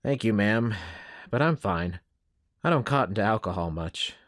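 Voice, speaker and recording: A man's voice: lowish voice, animated, normal speed, a bit bright, no echo. A man playing a polite, plain-spoken wandering cowboy, close to his own voice. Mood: easygoing.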